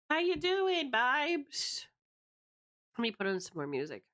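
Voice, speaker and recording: A woman's voice: sits high, fairly bright tone. A woman streamer chatting playfully to her chat, her voice strained. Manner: playful, chatty, addresses chat, slips into song snippets.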